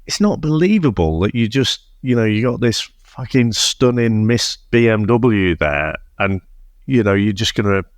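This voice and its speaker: A man's voice: lowish voice, animated, normal speed, no room sound, clean studio sound. A man co-hosting a casual film review podcast, talking wryly and rambling with hesitant restarts. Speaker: podcast co-host.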